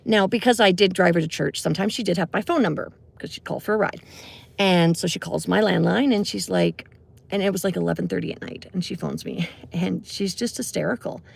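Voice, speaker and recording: A woman's voice: on the low side, fairly quick, vocal fry, husky. A middle-aged woman, a music teacher telling a personal story in a casual, conversational way, full of fillers and asides. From Canada.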